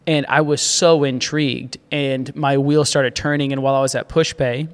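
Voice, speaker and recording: A man sharing his founding story in an interview, earnest and grateful, animated when he tells stories. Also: medium pitch, normal speed, clear, resonant tone, in a large hall. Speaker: agency founder, guest. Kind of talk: casual conversational interview.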